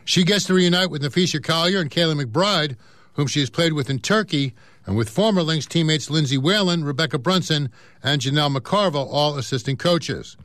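Male reader of news and comic strips, casual, with offhand asides, higher voice, dry close sound. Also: a little fast, a bit bright, no echo. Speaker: newspaper reader. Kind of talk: reading news and comics aloud.

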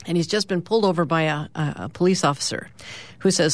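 A radio host reads the morning comic strips aloud in a relaxed manner, pausing with small fillers as he describes each panel. His voice is mid-range, with no room sound.

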